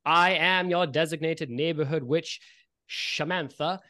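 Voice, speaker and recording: A man's voice: a little high, unhurried, bright, forceful tone. A man doing a showy witch announcer. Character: grand neighborhood witch announcer, woman.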